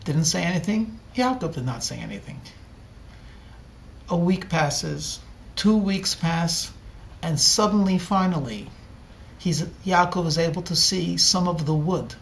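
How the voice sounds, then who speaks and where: A man's voice: a little high, animated, unhurried, gravelly, slight background noise. A man, a rabbi, telling a story in a sermon and acting out the characters' lines dramatically. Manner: dramatic storyteller, acts out dialogue.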